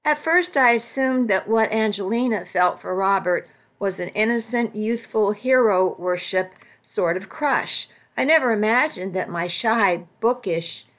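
Slow, measured woman storyteller. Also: medium pitch. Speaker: audiobook narrator. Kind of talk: first-person story narration.

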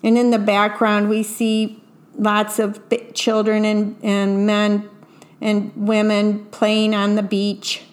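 A woman reading a picture book aloud, gently pointing out what is in the pictures as she goes. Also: mid-range voice, monotone, slow pace. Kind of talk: read-aloud storytelling with picture commentary.

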